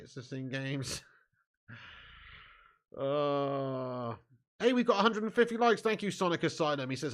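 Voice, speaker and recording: A man with a slightly raised pitch hosts a live football watch-along stream. He reads viewers' chat comments aloud and answers them with easy banter. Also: vocal fry.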